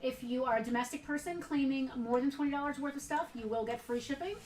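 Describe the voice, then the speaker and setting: A woman's voice: high-pitched, fast, darkish tone, recorded from a distance. A woman co-hosting a live sale stream in a casual, rambling way, with many fillers. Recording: roomy, from off the mic.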